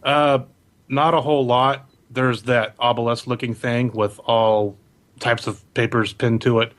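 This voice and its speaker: A man's voice: medium pitch, fairly even intonation, unhurried, a bit bright. A man narrating a tabletop game as game master in a casual, loose way.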